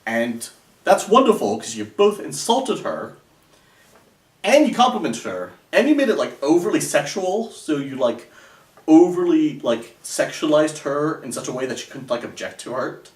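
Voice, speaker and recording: A man's voice: on the high side, very animated, normal speed. A man giving casual dating advice in a sarcastic, rambling way, with many fillers. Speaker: dating coach. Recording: echoey room, voice a bit far from the mic.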